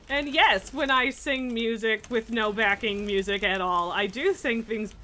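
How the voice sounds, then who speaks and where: A woman's voice: fairly high pitch, bright, forceful tone, a little hiss or hum. A woman streaming a game, chatting casually, laughing often and swearing freely. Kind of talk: casual chat while gaming.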